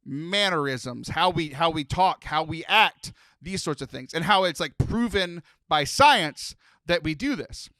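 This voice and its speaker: A man from Texas hosting a podcast, telling stories in an animated, rambling way. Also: a little high, unhurried, no room sound. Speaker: podcast host. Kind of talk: casual podcast chat.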